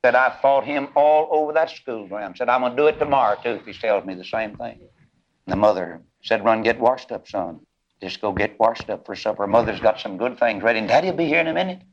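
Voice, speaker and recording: A man preaching with a folksy drawl, telling a story in a middle-pitched voice. He voices the people in it himself. The recording is dull and lo-fi. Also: fairly quick. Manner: folksy, drawling storyteller voicing characters, building to chanted, sung climaxes. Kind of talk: sermon storytelling.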